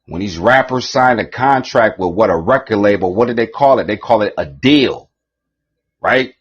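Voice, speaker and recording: A man giving a preachy, profane rant, repeating himself often, with a husky voice. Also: fairly low pitch, expressive, normal speed, lo-fi sound. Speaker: vlogger.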